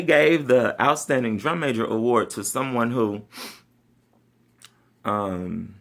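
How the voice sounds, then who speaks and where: A man telling a funny personal story in a casual, sassy way, laughing often and jumping between loud outbursts and quiet asides. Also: medium pitch, slow pace, vocal fry, pauses often.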